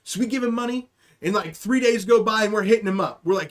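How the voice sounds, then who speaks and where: A man's voice: high-pitched, fast talker, fairly bright tone. A young man hosting a livestream, telling a rambling, profane story in casual chat, often checking in with "okay?". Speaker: livestream host.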